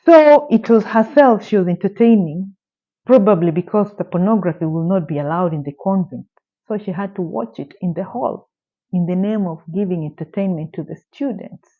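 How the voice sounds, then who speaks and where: Woman, storytime narration, emphatic, indignant, rhetorical questions, medium pitch, slightly muffled lo-fi audio. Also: moderate pace.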